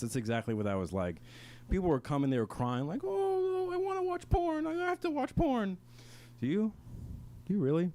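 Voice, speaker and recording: A young man with a fairly low voice hosts a comedic student radio show, gloating in a playful, mock-serious way. He talks from a small radio studio. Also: dark tone. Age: young adult. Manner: mock-boastful, playful, slips into silly voices.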